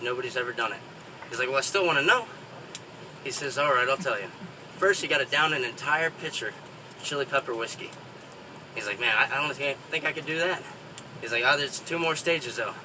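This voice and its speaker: A man's voice: mid-range voice, quick pace, distant mic, background noise. A man doing stand-up, telling bar jokes in a folksy way and chuckling at his own punchlines. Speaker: stand-up comedian.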